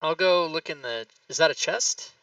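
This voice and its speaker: A man's voice: on the high side, normal speed, creaky, a bit bright, no echo, far from the mic, poor audio. A man chatting casually as a player in an online tabletop game, making offhand jokes. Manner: joking, offhand remarks.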